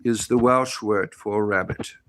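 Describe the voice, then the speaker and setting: A man's voice: lowish voice, a little slow, noisy background. A man hosting a casual livestream on a phone, answering viewer comments in a rambling way with many fillers and restarts. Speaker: livestream host.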